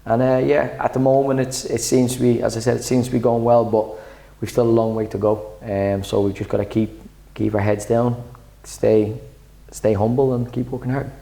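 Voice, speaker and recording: A man's voice: medium pitch, level tone, normal speed, vocal fry, warm tone, rough recording. A man, the club's head coach, answering interview questions in a chatty way, often repeating words as he starts a thought. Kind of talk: sit-down interview.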